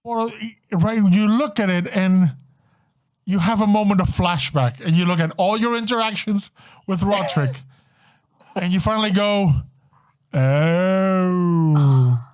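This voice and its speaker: Brief: male game master, higher-pitched, loose and laughing narration. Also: normal speed.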